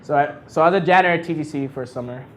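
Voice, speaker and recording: Animated man telling a story. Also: on the high side, very fast, slight background noise. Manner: animated, laughs often, acts out voices in his anecdotes. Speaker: speaker at a launch party. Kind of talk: motivational storytelling speech. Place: event venue with an audience.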